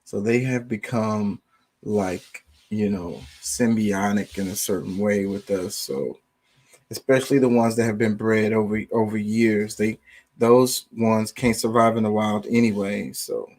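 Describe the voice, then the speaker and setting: A man's voice: lowish voice, steady tone, unhurried, a little mellow. A man talking casually and profanely about pets, rambling with lots of fillers. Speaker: streamer. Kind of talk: casual opinion talk.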